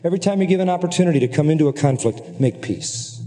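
A middle-aged man preaching a sermon, earnest and emphatic, at times climbing into high, excited exclamations. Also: fast. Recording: long hall reverb.

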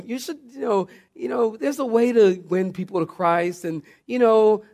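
A man preaching a sermon, telling stories with humor, restarting phrases and speaking straight to his congregation. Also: sits high. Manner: animated storytelling with humor and repeated restarts; addresses the congregation directly. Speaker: pastor.

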